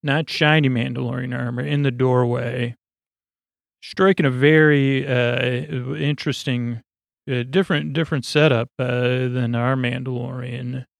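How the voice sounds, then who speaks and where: Rambling man with a gravelly voice. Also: medium pitch, steady tone, a little slow, no room sound, clean studio sound. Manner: rambling, lots of fillers and asides. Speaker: podcast host. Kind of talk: meandering bedtime recap.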